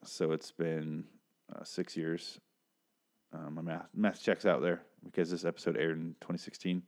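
Man, recap host, very deep voice, rambling chatty talk, casual swearing. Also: flat delivery, moderate pace, darkish tone.

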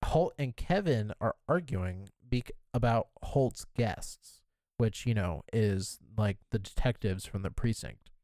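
A man's voice: on the low side, lively intonation, slow pace, mellow, no room sound. A man co-hosting a podcast and recapping an episode in a chatty, casual way, with lots of "like" fillers. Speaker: podcast co-host.

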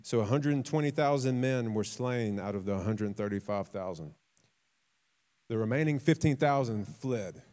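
A man preaching a sermon, telling stories with acted quotes, repeating himself and dropping suddenly to a quiet voice. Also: medium pitch, lively intonation, normal speed. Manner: repeats and restarts words, conversational.

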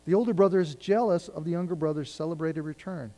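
A man's voice: fairly high pitch, quick pace, dark tone, rough recording. A male pastor preaching a sermon, reading scripture and retelling it in everyday words, rising and dropping in intensity. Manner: paraphrases scripture conversationally, rising and falling in intensity.

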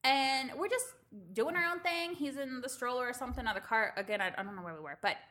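A woman's voice: high voice, fast talker. A woman in her thirties, co-hosting a podcast in casual chat and telling stories with lots of laughter. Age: 30s. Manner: animated storytelling, laughing often. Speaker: podcast co-host.

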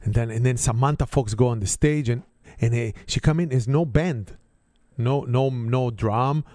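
Man, Israeli accent, lively family storyteller, mellow voice, dry close sound. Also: mid-range voice, normal speed, dry recording. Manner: animated storyteller, simple non-native grammar.

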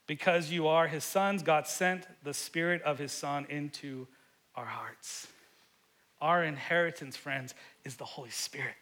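A middle-aged man preaching a sermon, earnest and often repeating words, swinging between loud emphasis and hushed moments. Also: a little high, measured pace. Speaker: pastor.

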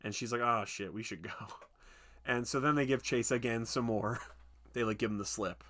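A young man casually retelling a film's plot, rambling with many fillers and restarts, slipping into quick voices for the characters. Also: medium pitch, a bit bright. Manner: rambling, lots of "like" and restarts, acts out quotes. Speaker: podcast co-host recapping a film. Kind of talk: casual chat.

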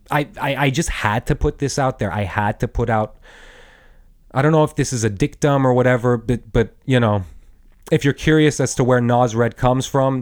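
A young man ranting bluntly and profanely in a rambling monologue, restarting his sentences as he goes. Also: medium pitch. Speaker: podcast host. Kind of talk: angry rant monologue.

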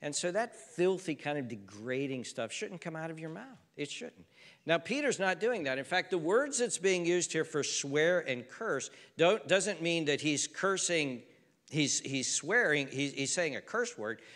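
A male pastor giving a sermon, earnest and conversational, who repeats phrases for emphasis. His voice is slightly high and bright. The sound carries a long hall reverb. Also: animated, measured pace.

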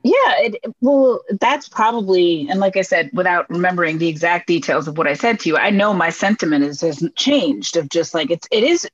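A woman's voice: lowish voice, animated, a little fast, few pauses, breathy edge, no room sound. A woman from Brooklyn in casual conversation, telling stories animatedly and acting out quoted dialogue. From Brooklyn, New York. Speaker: guest. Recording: dull, dry podcast mic.

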